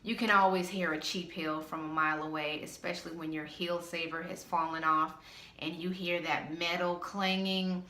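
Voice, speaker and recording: A woman's voice: lowish voice, pushed and bright, reverberant. A woman vlogger ranting in a casual monologue, blunt, sassy and exasperated.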